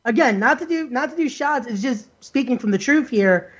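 A man's voice: very high voice, lively intonation, moderate pace, breathy edge, lo-fi sound. A man co-hosting a wrestling podcast, speaking in a reflective, heartfelt way. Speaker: podcast co-host. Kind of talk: casual podcast chat.

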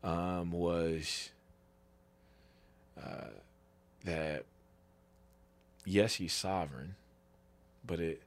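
A tearful man in his thirties with a very deep voice shares his faith story. He talks in halting, tender bursts and restarts his sentences often. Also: fairly even intonation. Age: 30s. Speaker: podcast guest. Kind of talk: emotional faith testimony.

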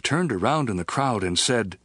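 A man doing a scripted Bible reading with a measured, even narration. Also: mid-range voice, breathy edge, no room sound, studio quality. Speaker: scripture reader.

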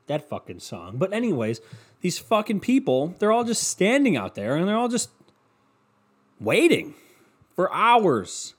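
Host, male, sarcastic profane rant, animated and fairly high voice, home mic. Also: unhurried, husky. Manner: sarcastic, profane ranting with self-mockery. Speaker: podcast host. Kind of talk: solo podcast rant. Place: home basement. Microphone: studio microphone.

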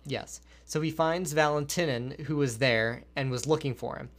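Male co-host, mid-pitched, eager casual film recap. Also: normal speed. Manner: enthusiastic plot recap. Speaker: podcast co-host. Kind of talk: casual movie-review chat.

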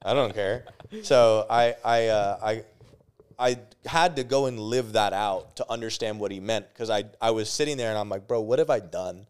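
A young man with a very low, smooth voice, sitting as a guest on a podcast. He tells a personal story in loose, candid talk. He curses freely and often trips over his own restarts. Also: steady tone, moderate pace. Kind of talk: casual storytelling.

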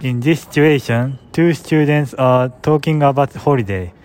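A man's voice: medium pitch, moderate pace, music in the background. A young man, a student presenting an English idiom and reading a prepared script carefully. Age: young adult.

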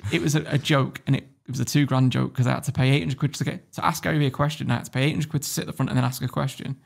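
A man's voice: mid-range voice, fairly even intonation, racing, creaky. A man telling a story as a podcast guest, blunt and swearing freely, laughing as he goes. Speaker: guest entrepreneur. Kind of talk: casual storytelling.

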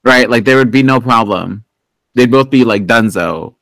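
A man's voice: mid-range voice, moderate pace, a bit bright, no room sound, rough recording. Rambling, profane male podcast host. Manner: rambling, profane, full of fillers and restarts. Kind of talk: casual movie recap chat.

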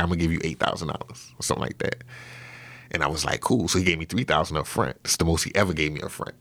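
Man, low voice, forceful bright tone, rambling casual storytelling, profane. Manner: loose and profane, with many fillers and restarts. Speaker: interview guest.

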